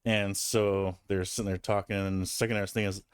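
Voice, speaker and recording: A man's voice: fairly low pitch, flat delivery, fast talker, smooth, no echo. A man casually telling a rambling personal anecdote, with frequent restarts and fillers. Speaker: vlogger. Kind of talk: casual storytelling.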